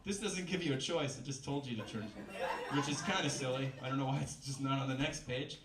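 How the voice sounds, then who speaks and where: A man's voice: medium pitch, fairly quick, distant mic. A man reading a book aloud at a live comedy reading in a bistro, with wry, self-mocking asides. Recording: echoey room with background noise.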